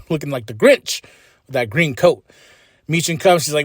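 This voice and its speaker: A man hosting a podcast, casually recapping a wrestling show with animated paraphrased quotes. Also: on the high side, no echo. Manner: animated, paraphrases wrestlers in quick put-on voices, chuckles. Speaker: podcast host.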